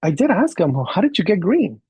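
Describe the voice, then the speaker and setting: Guy teaching a class, acting out his stories, raspy gravelly voice, dry sound. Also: sits high, brisk, dry recording. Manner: animated, acts out quoted dialogue. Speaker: college instructor. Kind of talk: storytelling lecture to students.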